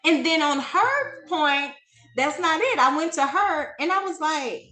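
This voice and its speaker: A woman hosting a talk show, telling a personal story to her audience in an animated, emphatic, conversational way. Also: sits high, unhurried, roomy sound, soft background music.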